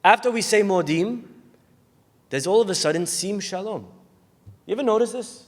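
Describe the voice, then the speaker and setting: A man's voice: sits high, moderate pace. A man, a rabbi, giving a sermon full of storytelling, acting out the people in his stories and raising his voice in bursts. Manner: animated storyteller acting out characters, shouting in bursts. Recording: long hall reverb.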